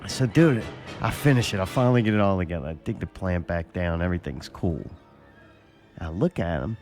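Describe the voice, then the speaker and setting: A man's voice: deep voice, animated, a little fast, darkish tone. Man, podcast host, casual chat, profane rambling storyteller, faint music.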